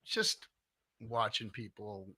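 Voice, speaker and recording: A man hosting a live stream in a bright, forceful voice, cursing freely and ranting at his chat. The sound is close and dry, with no room echo. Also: fairly low pitch, little pitch movement, slow, husky. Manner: profane, ranting, exasperated; greets chat viewers by name. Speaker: livestream host.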